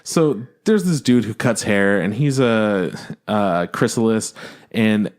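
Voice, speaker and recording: A man with a fairly low voice co-hosting a relaxed podcast chat. He is blunt and profane, waving off plot points as dumb in short, flat remarks. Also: takes it slowly. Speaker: podcast co-host. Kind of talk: casual chat.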